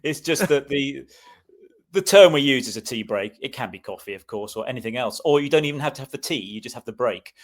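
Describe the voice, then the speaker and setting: A British man co-hosting a podcast, talking in a relaxed, easygoing way. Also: mid-range voice, fairly quick. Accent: British English. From Britain. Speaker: podcast co-host. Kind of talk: casual podcast chat.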